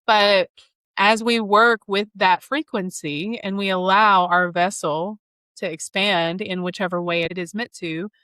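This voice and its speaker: A woman's voice: mid-range voice, fairly even intonation, a little slow, sharp tone, clear, resonant tone, no echo. A woman in her thirties hosting an astrology reading, talking in an enthusiastic, flowing way with spiritual wording. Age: 30s. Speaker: astrologer and podcast host. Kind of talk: casual spiritual conversation.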